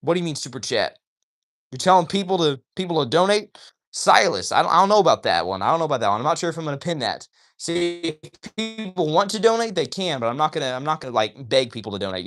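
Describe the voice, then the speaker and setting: A man's voice: on the high side, sing-song, quick pace, fairly bright tone. A man hosting a casual livestream, reading out viewers' chat messages and greeting people by name in a chatty, upbeat way, recorded on a phone.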